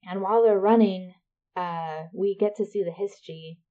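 A woman's voice: medium pitch, normal speed, phone-quality sound. A woman co-hosting a podcast, recapping a movie in casual, chatty talk, swearing and joking. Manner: chatty, swears freely, laughs and jokes. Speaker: podcast co-host.

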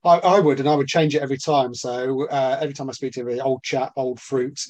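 A man's voice: medium pitch, fast talker, a little mellow. A man co-hosting a podcast, joking in a dry, sweary way. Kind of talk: casual podcast chat.

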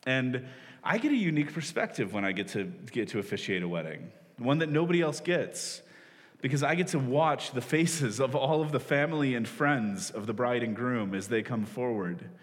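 A chatty pastor in a reverberant hall. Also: male voice, mid-range voice. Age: 40s. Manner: conversational, self-deprecating, with frequent laughs and restarts. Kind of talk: sermon. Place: church hall. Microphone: stage microphone. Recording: long reverb of a large hall.

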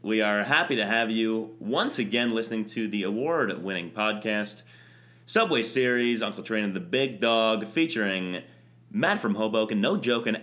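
A man's voice: lowish voice, fairly bright tone. Crude New podcast host, showman bits. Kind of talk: casual comedic podcast chat.

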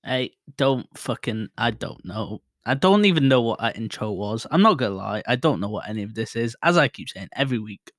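A man in his thirties hosting a casual solo podcast, rambling and self-deprecating, with sudden loud bursts, talking into a mic set about a foot away at home. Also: lowish voice, very animated, a little fast, few pauses. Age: 30s. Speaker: podcast host. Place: home room, alone. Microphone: desk mic set to far mode, about a foot away.

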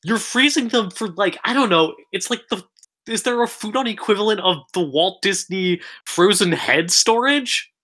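A woman from the Philippines co-hosting a podcast, chatting casually with animated, sarcastic asides. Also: medium pitch, normal speed. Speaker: podcast co-host. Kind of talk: casual chat.

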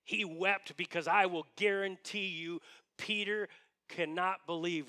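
A male pastor delivers a sermon in a high, bright voice. He tells the story in a chatty way and sometimes drops to a hush. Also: fairly even intonation, unhurried. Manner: conversational storytelling, dropping to hushed tones.

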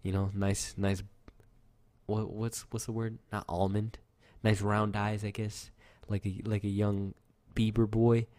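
A man's voice: fairly low pitch, level tone, measured pace, a little mellow. A man co-hosting a podcast, rambling through casual chat with lots of fillers and easily shocked reactions. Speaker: podcast co-host.

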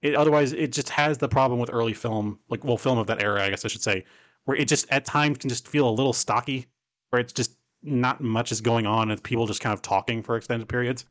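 A man's voice: medium pitch, brisk, fairly bright tone. Rambling casual man talking movies. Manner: rambling, heavy on "like", swears casually. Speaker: podcast co-host. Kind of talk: casual film discussion.

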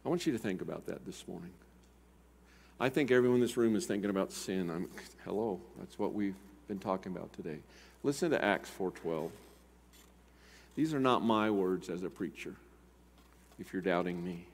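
An older man preaching a sermon as pastor, swinging between loud urgent appeals and quiet, slow emphasis. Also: low voice, animated, gravelly. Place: church sanctuary. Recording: long hall reverb.

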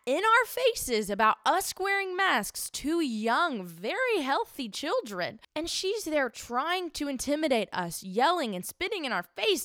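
A woman's voice: high-pitched, very animated, unhurried, hardly any pauses, bright, forceful tone, no room sound, clean studio sound. A young woman delivering indignant, sarcastic political commentary with rhetorical questions. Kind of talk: opinionated commentary monologue.

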